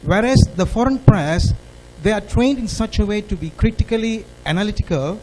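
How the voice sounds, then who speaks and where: A man's voice: sits high, animated, moderate pace, darkish tone, a little hiss or hum, low-quality recording. A man with a Malaysian English accent, a former journalist and lecturer, asking earnest, emphatic questions at a public forum. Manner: earnest, emphatic, rising to stress points. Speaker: audience member asking a question.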